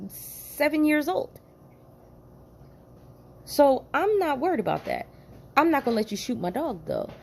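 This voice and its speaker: A woman from New Jersey, a former police officer, telling a story to camera in an animated, profane, emphatic way, with bursts of laughter. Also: on the high side.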